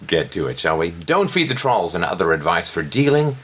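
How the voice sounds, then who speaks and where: Middle-aged male host, low-pitched, sardonic article rebuttal with mocking swoops. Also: sing-song, fairly quick, a bit bright, slightly rough. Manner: mocking, theatrical jumps in pitch when scoffing. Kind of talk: sarcastic commentary on a read-aloud article.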